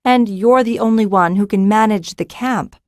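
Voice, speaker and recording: A woman's voice: mid-range voice, moderate pace, no room sound, studio quality, voice pushed up, lightly acted. A woman reading an audiobook, voicing a commanding young noblewoman who speaks sternly and with authority. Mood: brisk. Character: commanding young noblewoman taking charge of a hold.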